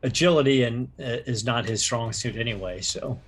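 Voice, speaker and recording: A man with a husky voice plays a tabletop game. He talks casually and lets his sentences trail off. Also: mid-range voice, normal speed, soft background music. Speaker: player.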